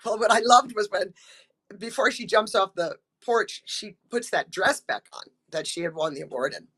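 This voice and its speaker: An older American actress telling stories in a casual interview, chatty and full of ums and restarts, acting out quotes. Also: female voice, medium pitch, moderate pace, fairly bright tone, slightly rough.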